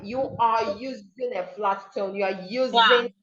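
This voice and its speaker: Slow-speaking Nigerian woman teaching diction. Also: fairly high pitch, noisy background. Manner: slow, deliberate, models sentences aloud. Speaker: diction coach. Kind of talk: online seminar lesson. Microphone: video call. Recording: dull lo-fi call audio.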